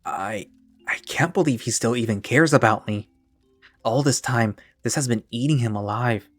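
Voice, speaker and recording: A man's voice: medium pitch, normal speed, no room sound, soft background music, close to an everyday voice. A man as a guilt-ridden, hesitant young man. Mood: guilty. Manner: hesitant, self-reproaching. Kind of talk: one-man audio drama.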